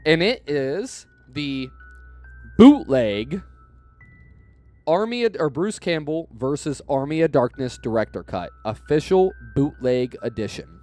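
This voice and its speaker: A young adult man chats enthusiastically on a stream, rambling and stumbling through fillers. His voice sits at an ordinary pitch but rises and falls with lively swings. Faint music hums in the background. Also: a little slow. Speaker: streamer showing his movie collection. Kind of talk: casual stream chat.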